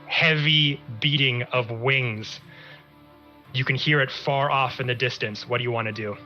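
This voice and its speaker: A man with a very bright, forward voice narrates a tabletop game as its dungeon master. He paces out each scene slowly, drawing out his words. The audio is a bit dull, with faint music underneath. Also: mid-range voice. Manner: slow, drawn-out scene narration.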